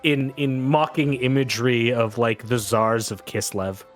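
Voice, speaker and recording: A man's voice: medium pitch, level tone, measured pace, soft background music. A man narrating as game master of a tabletop game, chatty with many fillers.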